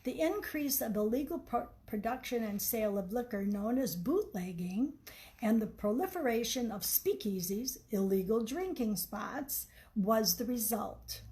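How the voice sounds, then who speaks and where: A woman reading aloud from her own book in a measured, explanatory way. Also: fairly high pitch, mellow, low-quality recording. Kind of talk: storybook reading.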